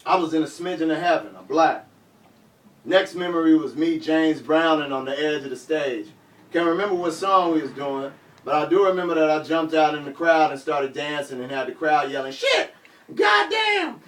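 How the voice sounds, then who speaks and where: At a bookshop reading before an audience, a male poet performs his poetry and prose live in a slightly high voice. His delivery is rhythmic and rap-like, broken by sudden loud shouts, and the roomy recording comes from a mic placed far away.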